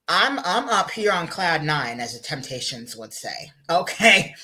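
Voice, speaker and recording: A man hosting a motivational vlog, talking in an excited, playful and chatty way, a little giddy and emotional. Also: a little high, measured pace, hardly any pauses. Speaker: motivational video host. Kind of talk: upbeat motivational vlog talk.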